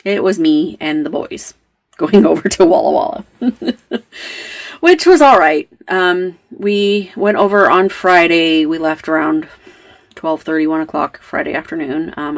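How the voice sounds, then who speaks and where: A woman's voice: deep voice, moderate pace. A woman hosting a knitting podcast, telling a story in a chatty, rambling way with plenty of fillers and asides. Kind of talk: casual storytelling chat.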